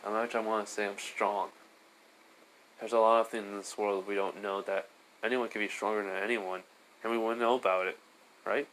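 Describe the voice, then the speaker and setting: A man's voice: on the low side, fairly even intonation, moderate pace, pauses often, fairly bright tone, slight background noise, low-quality recording. A man casually retelling a fan story, rambling with many fillers.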